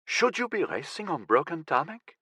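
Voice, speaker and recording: A woman's voice: low-pitched, very animated, moderate pace, bright, forceful tone, breathy edge, dry recording, clean studio sound, pitched above the performer's own voice, exaggerated voice. A male narrator voicing a cautious young woman with a light French accent. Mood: worried. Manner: light, slightly pouting.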